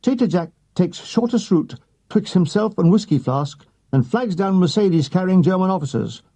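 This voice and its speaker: A man's voice: high-pitched, animated, moderate pace, dark tone. A man reading a wartime memoir aloud, with a dry comic delivery that gives the other characters their own voices. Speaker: audiobook reader.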